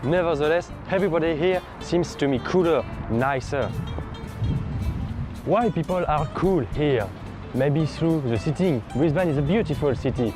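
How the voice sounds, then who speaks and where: A man's voice: on the high side, moderate pace, over music. A young Frenchman with a French accent, narrating a playful, mock-outraged comic vlog in English. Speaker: vlogger.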